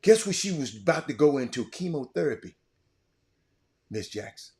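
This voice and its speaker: An older man giving an impassioned monologue as a show host, repeating himself and swinging between loud outbursts and quiet, reflective stretches. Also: mid-range voice, big pitch swings, moderate pace, long pauses. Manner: fiery, repetitive, swinging from shouting to quiet.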